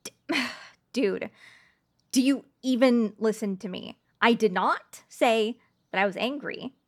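A woman's voice: a little high, slow. A woman playing a sarcastic, cursing young woman. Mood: exasperated. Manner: curt, sarcastic, swears a lot. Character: sarcastic, irritable young woman, a testy lover. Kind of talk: audio role-play addressing the listener.

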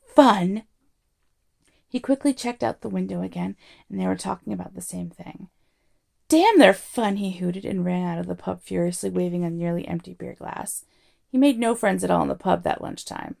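A woman reading a novel aloud as narrator in a wry, measured storytelling manner. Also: fairly low pitch, creaky, warm tone.

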